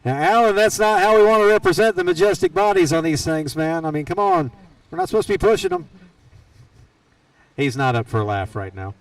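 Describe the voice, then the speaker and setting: Gravelly, animated voice, man, race announcer, joking folksy delivery, dry and off-mic. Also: on the high side, fairly quick, hardly any pauses, no room sound, far from the mic, rough recording. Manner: joking, folksy, teasing drivers. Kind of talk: live race commentary. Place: racetrack announcer stand.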